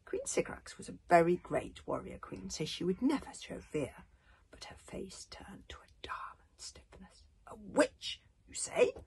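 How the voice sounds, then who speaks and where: A woman with a husky voice giving a hushed, breathy whispered storybook reading of a children's novel. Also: on the low side, sing-song, normal speed. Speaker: reader.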